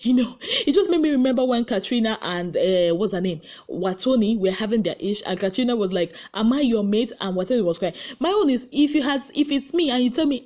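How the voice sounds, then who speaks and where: A Nigerian woman recapping reality-show gossip late at night, tired but lively, acting out what people said. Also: a little fast, few pauses. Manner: animated storyteller, acting out quotes with big pitch jumps. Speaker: gossip vlogger. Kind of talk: casual chatty recap. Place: her room at home.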